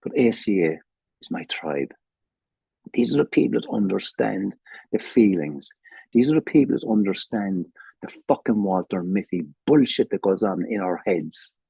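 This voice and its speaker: Deep gravelly older Irish man. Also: lively intonation, normal speed, dark tone, no echo, poor audio. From Ireland. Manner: candid and emotional, swears freely. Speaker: recovery meeting speaker. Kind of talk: personal testimony. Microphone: video call.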